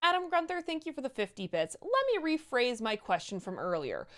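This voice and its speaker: A woman co-hosting a casual livestream reads viewer and donor messages aloud, chatting with quick laughs. Her voice is fairly high and a bit bright, with big swings in pitch.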